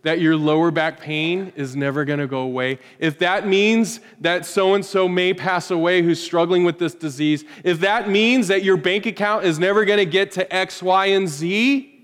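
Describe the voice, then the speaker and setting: A man's voice: high voice, fairly even intonation, normal speed, few pauses. Emphatic preaching man in echoing hall. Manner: emphatic, swings from loud rhetorical questions to hushed lines. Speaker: pastor. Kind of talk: sermon. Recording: hall reverb.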